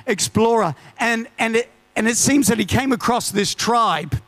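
A male preacher with a fairly high voice for a man. He preaches with lively storytelling, swinging between urgent declarations and chatty asides. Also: moderate pace. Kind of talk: sermon.

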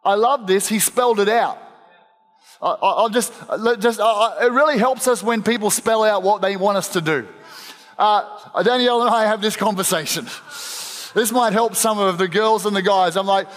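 A man with a notably high voice preaches to his congregation, earnest and emphatic, tripping over restarts as he makes his point. He slips in playful asides between serious beats. His voice carries a long, lingering reverb from a large church hall. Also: normal speed, fairly bright tone. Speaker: pastor. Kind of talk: sermon.

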